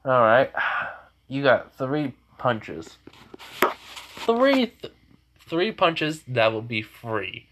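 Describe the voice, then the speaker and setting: A man's voice: medium pitch, big pitch swings, extremely slow, long pauses, a bit bright, slight background noise, exaggerated voice. A man voicing a brash, cocky teenage boy ninja in a casual fan-story retelling, with a teasing manner.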